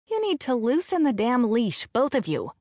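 A woman's voice: on the high side, very animated, normal speed, darkish tone, dry recording, clean studio sound, pitched above the performer's own voice. A woman voicing a defiant, sarcastic seventeen-year-old girl performer in audiobook dialogue. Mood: snappy. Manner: snappy and sarcastic.

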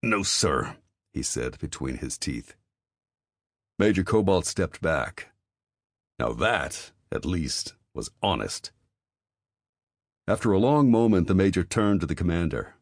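A man narrating an audiobook in an even, measured reading. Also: deep voice, dry recording. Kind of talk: scripted narration.

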